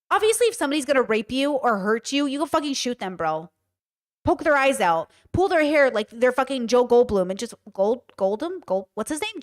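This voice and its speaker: A woman streaming casual commentary, blunt and animated, swearing freely and laughing often. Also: fairly high pitch. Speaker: streamer reacting to a clip.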